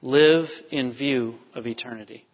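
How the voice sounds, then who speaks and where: A pastor telling a family story in a sermon, storytelling with many fillers. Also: male voice, mid-range voice, a little slow. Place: church sanctuary. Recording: dull reverberant church hall. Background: long hall reverb.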